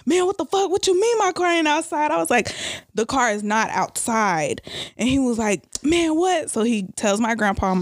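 Animated woman telling a story. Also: mid-range voice, no room sound, studio quality. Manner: animated storytelling, quoting people in raised voice. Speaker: storyteller among friends. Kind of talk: casual chat.

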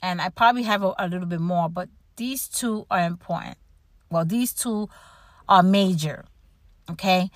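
A woman hosting a podcast, chatting casually and ranting with animated energy about everyday annoyances, often laughing at herself. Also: on the low side, moderate pace, no room sound, studio quality. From United States. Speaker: podcast host. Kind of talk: casual chat.

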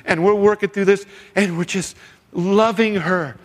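A man's voice: high-pitched, steady tone, unhurried. A middle-aged man, a former youth pastor, tells heartfelt stories at a men's seminar and acts out other people's lines. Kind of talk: storytelling sermon. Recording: long reverb of a large hall.

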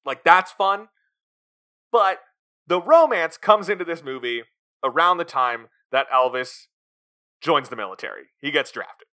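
A man's voice: fairly high pitch, animated, unhurried, long pauses, sharp tone. A man co-hosting a podcast, chatting casually about a film and acting out scenes in put-on voices. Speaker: podcast co-host. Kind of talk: casual film review chat.

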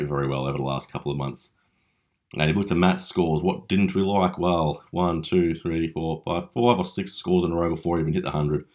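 A man's voice: a bass voice, a little mellow. A young Australian man hosting a casual fantasy league recap, chatty and teasing with mock-dramatic flair. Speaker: fantasy league podcast host.

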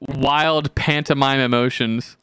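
Young man, podcast co-host, casual chat, profane, animated storyteller, dry close sound. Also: medium pitch, takes it slowly, clean tone, dry recording. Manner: swears a lot, animated storytelling with quoted voices.

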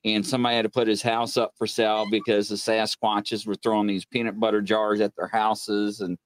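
A man's voice: lowish voice, little pitch movement, a little fast, no echo. A man, hosting a casual live-stream chat and telling funny stories. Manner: joking storyteller, laughs often. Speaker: show host.

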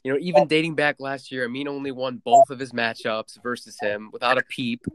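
A man's voice: mid-range voice, steady tone, a little fast, dry recording. A man co-hosting a casual podcast chat, laying out facts methodically. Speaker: podcast co-host.

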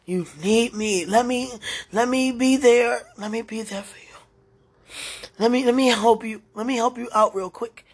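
A woman speaking an emotional prayer out loud, pleading and tender, repeating her phrases. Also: a little high, normal speed, breathy edge.

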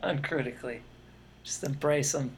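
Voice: mid-range voice, moderate pace, slight background noise. A podcast co-host chatting casually, hesitant and joking, with thoughts that trail off.

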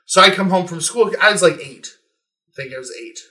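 Man, high voice, bright and forceful tone, animated storyteller, casual swearing. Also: fairly quick.

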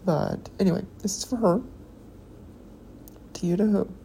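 A woman hosting a podcast, talking in a rambling, halting personal monologue while tearful and emotional. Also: medium pitch, steady tone, vocal fry, dark tone, slight background noise, low-quality recording. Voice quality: halting, hesitant delivery with pauses. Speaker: podcast host.

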